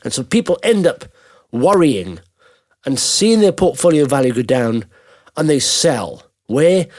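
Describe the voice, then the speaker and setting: A man's voice: medium pitch, big pitch swings, measured pace, a little mellow. A man hosting a podcast, giving an emphatic casual monologue with rhetorical questions. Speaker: podcast host.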